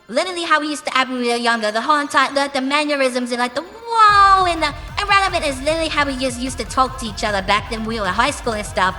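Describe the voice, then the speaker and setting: Casting: brash, swearing woman musician from the UK, high sharp voice, long reverb with music underneath. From United Kingdom. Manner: brash and profane, drawn-out emphatic phrases. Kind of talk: casual interview answers. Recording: reverberant room with music behind.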